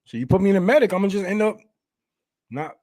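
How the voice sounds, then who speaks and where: A man's voice: sits high, expressive, quick pace, a little mellow. A man giving a casual political rant, profane and heated, laughing often as he talks. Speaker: political commentator.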